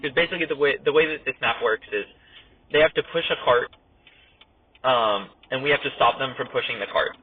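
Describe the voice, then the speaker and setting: A man's voice: medium pitch, a little fast. A young man casually telling a story while driving, rambling with lots of "like" and chuckles. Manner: rambling, heavy use of "like", laughs while telling. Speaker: podcast host. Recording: tinny phone-like audio with faint noise.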